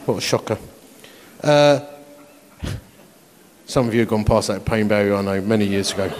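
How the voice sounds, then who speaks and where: A man's voice: fairly low pitch, normal speed, a crowd in the background. A man in his forties, a pastor, preaching a conference sermon in a chatty, self-mocking storytelling way. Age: 40s. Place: large conference hall. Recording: echoey conference hall.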